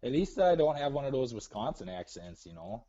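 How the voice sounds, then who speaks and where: Comic bit: man doing a drawling Upper Midwest guy, husky and lively, over lo-fi call audio. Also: medium pitch, brisk. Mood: protesting. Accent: Upper Midwest put-on. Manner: drawling, says "bud" constantly. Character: folksy Upper Midwest man saying "bud". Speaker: caller.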